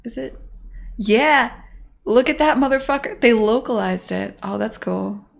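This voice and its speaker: A woman indie game developer chatting casually with her live-stream viewers, excitable and swearing freely as she mutters to herself. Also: fairly high pitch, a little slow, creaky.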